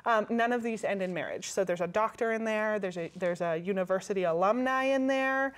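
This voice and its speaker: A woman with a Canadian accent, co-hosting a casual chat and telling a story in a lively way, often checking in with her listeners. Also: mid-range voice, a little fast, smooth. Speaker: co-host.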